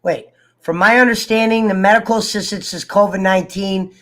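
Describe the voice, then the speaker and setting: A man's voice: high voice, steady tone, brisk, fairly bright tone. A man with a cough chatting casually to viewers, swearing, joking and laughing between fits of coughing. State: coughing, sick. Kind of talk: casual rambling chat to viewers.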